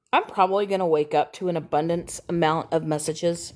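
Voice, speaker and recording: A woman chatting casually on a livestream, repeating herself and sliding from soft mutters into sudden high squeals. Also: fairly even intonation, brisk, few pauses. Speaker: TikTok live streamer. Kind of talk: casual rambling chat.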